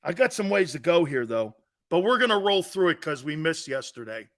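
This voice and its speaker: A man hosting a sports talk show, ranting loosely and acting out his own stories with brash, animated energy. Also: on the high side, a little fast. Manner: brash, animated storyteller, acts out dialogue. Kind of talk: loose sports radio rant.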